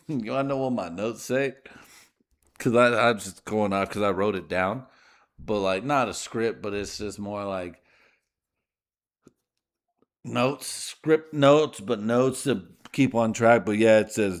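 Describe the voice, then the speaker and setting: A man from the US with Spanish as his first language, hosting a podcast from his garage in a rambling, profane, laughing monologue. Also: lowish voice. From United States. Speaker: podcast host. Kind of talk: casual comedic monologue. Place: home garage.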